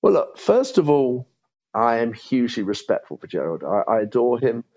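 A man's voice: mid-range voice, sing-song, moderate pace, darkish tone, muffled recording. A man in his fifties, a former law firm chief, thinking aloud in an interview with frequent restarts. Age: 50s. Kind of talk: interview conversation.

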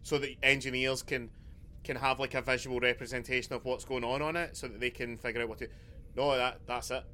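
A man's voice: mid-range voice, level tone, a little fast, pushed and bright, slight background noise. A Scottish man co-hosting a podcast, chatting casually in a jokey, rambling way and laughing often. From Scotland. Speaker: podcast co-host. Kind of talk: casual chat.

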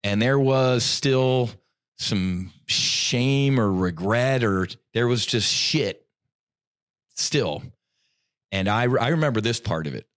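A middle-aged man telling a personal story in casual podcast talk. He is animated and slangy, and his voice swings between loud bursts and hushed asides. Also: medium pitch, slow pace, dry recording, studio quality. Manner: slangy, says "dude" and "I'm like". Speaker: podcast guest.

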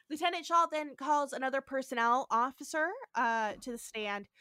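A woman's voice: sits high, a little slow, clean tone, dry recording, studio quality. A young woman co-hosting a podcast, recapping a show in casual chat, acting out the characters' lines and laughing often. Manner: animated, acts out quotes, laughs often. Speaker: podcast co-host.

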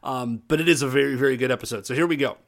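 A man in casual podcast chat, recapping a TV show and acting out the characters in quick voices. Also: medium pitch, gravelly. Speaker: podcast co-host.

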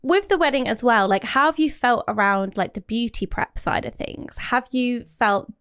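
A woman hosts a relaxed podcast interview in a fairly high, smooth voice. She chats freely and fills her speech with casual fillers. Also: normal speed. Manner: friendly, chatty, lots of "like". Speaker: podcast host.

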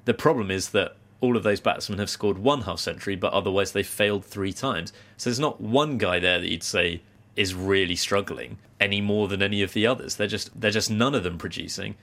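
A man co-hosting a cricket podcast, talking through the game in a measured, analytical way with some hedging. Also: on the low side, creaky, a bit bright. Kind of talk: casual cricket discussion.

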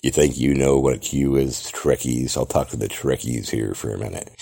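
A man's voice: rumbling low, moderate pace, vocal fry, mellow. A man hosting a podcast, delivering a grandiose, theatrical monologue that lectures the listener. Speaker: podcast host. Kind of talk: grandiose self-promoting monologue.

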